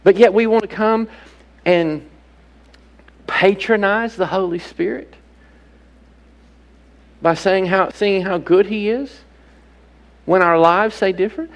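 A man with a high, gravelly voice delivers a sermon from the pulpit. He preaches with emphasis and keeps turning to his listeners with rhetorical questions. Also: a little slow, rough recording. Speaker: pastor.

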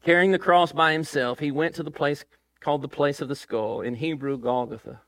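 Emphatic preacher, fairly high voice. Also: male voice, steady tone, brisk, no room sound. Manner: emphatic, rising to loud questions. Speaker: pastor. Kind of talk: sermon with scripture reading. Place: church.

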